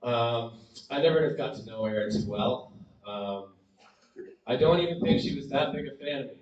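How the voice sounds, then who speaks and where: A middle-aged man gives an unscripted, halting speech as a family friend at a memorial, full of fillers and with a wry tone. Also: mid-range voice, a little mellow. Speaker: family friend giving a eulogy. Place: large hall at a memorial gathering. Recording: roomy, far from the mic, dull.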